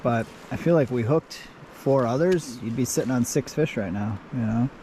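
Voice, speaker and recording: Man, average pitch, worn-out joking fishing buddy outdoors, with clear outdoor noise. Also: normal speed, warm tone. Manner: joking, tired, laughs often. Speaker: fishing partner. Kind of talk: casual outdoor banter. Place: outdoors by a river in winter.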